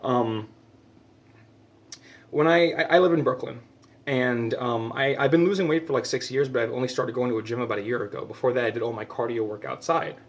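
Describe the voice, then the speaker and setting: A man's voice: medium pitch, a little fast. A young man giving a heartfelt personal monologue to camera, passionate and emotional, swearing often and tripping over repeated words. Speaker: vlogger.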